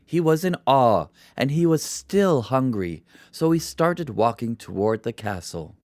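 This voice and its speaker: A narrator reads a children's story aloud for English learners, taking it slowly and with great care. The voice rises and falls in lively swings to bring each scene to life. The recording is dry and close. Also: mid-range voice, dry recording. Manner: slow, deliberate and expressive.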